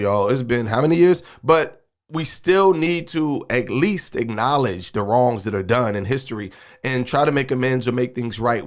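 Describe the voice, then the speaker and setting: A man who is a minister hosting a commentary show, reacting to clips in an emphatic, preachy way. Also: mid-range voice. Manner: preachy and emphatic, uses sports metaphors. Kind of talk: commentary on a video clip.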